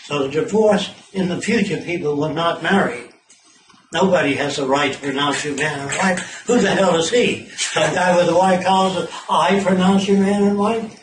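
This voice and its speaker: A man's voice: fairly high pitch, moderate pace. Blunt man talking in an echoey room. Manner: blunt, profane, storytelling with asides. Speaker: speaker addressing visitors. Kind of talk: informal talk to a small group. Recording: echoey room, mic far off, clear background noise.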